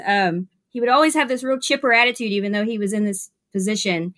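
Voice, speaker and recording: A woman's voice: mid-range voice, quick pace, fairly bright tone. A woman with a Southern US accent, a nurse, chatting casually in an interview and telling stories with lots of fillers. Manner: chatty, upbeat storyteller with many fillers.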